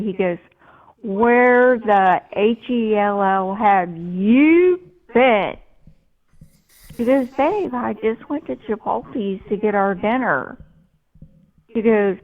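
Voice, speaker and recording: A woman tells a rambling personal story, stopping often on fillers and restarting her sentences. She talks at an unhurried, drawn-out pace. Her voice comes through a tinny, narrow phone line. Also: medium pitch. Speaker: guest storyteller. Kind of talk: casual storytelling on a live show.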